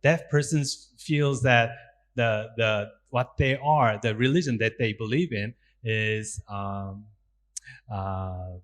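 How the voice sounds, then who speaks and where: A man's voice: on the low side, slow. A man with a Korean accent, a Buddhist monk giving a public talk, asking his listeners questions and acting out little quotes. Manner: animated, asks the audience questions, acts out quotes.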